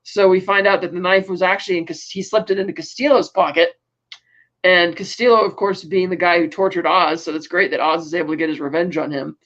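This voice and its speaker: A man's voice: high-pitched, fairly even intonation, a little fast, a bit bright, lo-fi sound. A man co-hosting a podcast, recapping a TV episode in a rambling way with many fillers. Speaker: podcast co-host.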